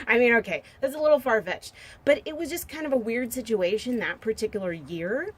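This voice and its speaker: A woman's voice: fairly high pitch, expressive, a little fast, husky. Rambling, joking woman in her forties. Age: 40s. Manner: rambling, joking, half-serious storytelling; muses aloud while browsing pictures on screen. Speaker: vlogger. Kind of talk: casual monologue to camera.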